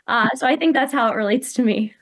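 A woman talking as a guest on a talk show, upbeat and animated, acting out quotes as she speaks. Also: on the high side, fast. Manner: upbeat, animated, quotes people in bright voices. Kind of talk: casual interview chat.

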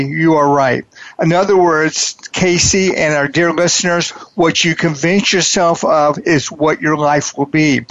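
A man hosting a coaching interview, talking in a preachy, emphatic way and repeating his key phrases slowly. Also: a little high, a bit bright, dry recording, lo-fi sound. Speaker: podcast host and wealth coach.

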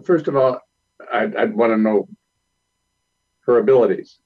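Director guy telling set stories, low calm voice, sounds kinda muffled. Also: measured pace. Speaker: film director guest. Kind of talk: interview storytelling.

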